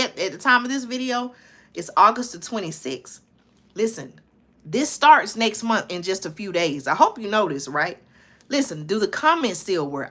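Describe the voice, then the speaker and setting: With a fairly high, slightly bright voice, a woman on her own live stream reads out a news report and interrupts it urgently. She repeats herself, pleads with her viewers to listen, and leans on "okay?" and "listen, y'all."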